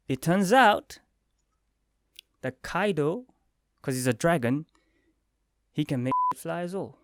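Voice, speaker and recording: A young man casually reviewing the latest comic chapter, excitedly retelling scenes with quick quoted lines and sound effects. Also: on the high side, no echo, studio quality. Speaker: manga review vlogger.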